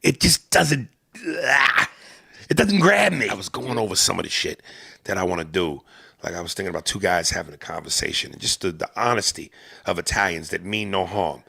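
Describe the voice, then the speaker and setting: A man hosting a podcast, riffing in a casual, animated, profane comedic chat. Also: sits low, fairly quick, gravelly, husky, dry recording, clean studio sound.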